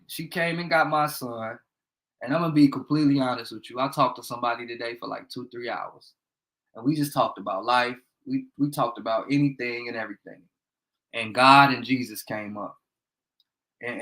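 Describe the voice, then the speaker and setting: Bright and forceful at a medium pitch, a young Indiana man chats casually on a bedroom livestream, rambling, swearing openly, and addressing viewers by name. The recording is low quality.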